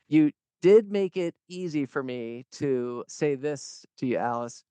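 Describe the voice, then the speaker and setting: A man co-hosting a podcast with a smooth, clear voice and a dry, wry sense of humor. His pitch sits in the middle range. He is recorded close up with no room echo. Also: animated, measured pace, hardly any pauses, dark tone. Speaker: podcast co-host. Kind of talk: podcast intro and banter.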